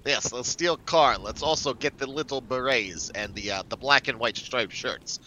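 A hulking, cheerful Russian soldier, as a man puts him on in a tabletop game, with a thick Russian accent and a bright, forceful edge. He stumbles and repeats words, and a faint hiss sits under the voice. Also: mid-range voice, normal speed, close to an everyday voice. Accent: Russian (put on). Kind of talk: playing a tabletop game character.

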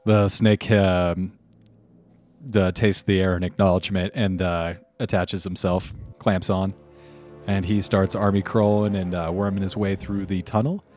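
A man narrating as game master of a tabletop game, relaxed and halting with fillers. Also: sits low, soft background music.

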